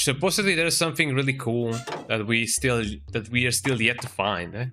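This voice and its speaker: A man's voice: mid-range voice, expressive, normal speed, sharp tone, a little hiss or hum. A man streaming a game, chatting and joking as he plays, reading in-game text aloud and ending lines with "eh?". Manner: chatty, jokey, tags lines with "eh?". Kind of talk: let's-play commentary.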